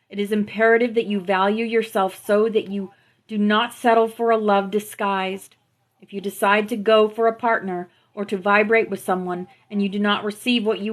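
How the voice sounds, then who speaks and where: A woman hosting a spiritual live stream, gently affirming her viewers and reading out teachings through a phone mic. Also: mid-range voice. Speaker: spiritual livestream host. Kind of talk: spiritual livestream talk to viewers.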